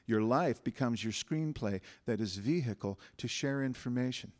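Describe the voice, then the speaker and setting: A man giving a spiritual talk as a guest speaker, leading the group in repeated affirmations said slowly and with emphasis. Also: mid-range voice.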